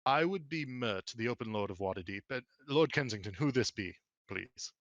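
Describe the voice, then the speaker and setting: A man's voice: mid-range voice, animated, moderate pace, fairly bright tone, no room sound, lo-fi sound. A man voicing a formal, stilted lord.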